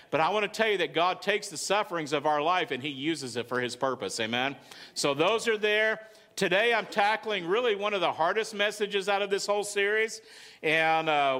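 In a church sanctuary, a man preaches to his flock in a relaxed, conversational style, his Southern US accent carried by a high, sharp voice. Calls of "amen" come often.

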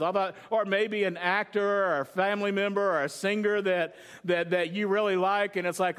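High-voiced joking pastor. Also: male voice, steady tone, a little fast, hardly any pauses, fairly bright tone, clear, resonant tone. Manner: conversational, joking with the congregation. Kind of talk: sermon.

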